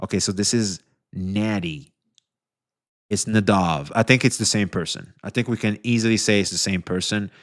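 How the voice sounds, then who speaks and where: A man streaming casual commentary on online drama, rambling and swearing with many fillers, his voice often trailing off quieter. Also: lowish voice, moderate pace.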